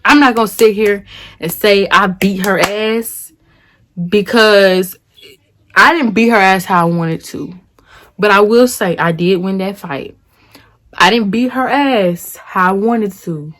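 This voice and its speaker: Woman in her twenties, vlogger, lively storytime delivery, mid-range voice, casual slang. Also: mid-range voice, slow pace. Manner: animated, dramatic retelling with slang.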